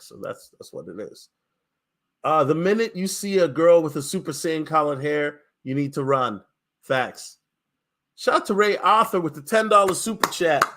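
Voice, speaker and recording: A man hosting a casual livestream rant. His voice sits high for a man and swings widely, and his delivery is blunt and slangy. He hammers his points home by repeating them. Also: pushed and bright, slight background noise. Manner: emphatic, slangy, repeats lines for punch. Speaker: livestream host.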